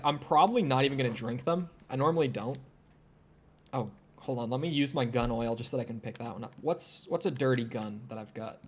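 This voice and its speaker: A young man from Minnesota with a light Minnesota accent talks over his gameplay in a loose, rambling way. His voice sits a little high for a man, and he peppers his speech with fillers and casual swearing. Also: fairly bright tone. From Minnesota, United States. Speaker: gaming streamer.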